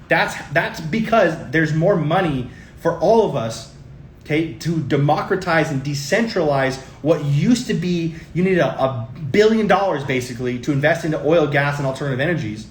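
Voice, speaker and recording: A middle-aged man hosts a show offering tax and investing tips, speaking casually to the camera in a brisk voice that sits on the high side. He's emphatic and repetitive, hammering his points home and often calling his viewers "guys." The room is echoey, with slight background noise.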